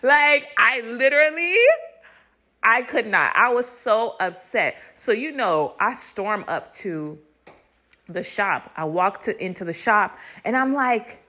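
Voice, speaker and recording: A young woman hosting a podcast, telling a story in a casual, animated way, cursing freely and laughing between lines. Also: fairly high pitch, slow. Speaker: podcast host.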